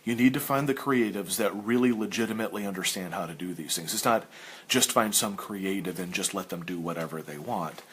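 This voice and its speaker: A man hosting a casual chat while sketching, ranting with animated stammered restarts. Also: low-pitched, brisk, husky.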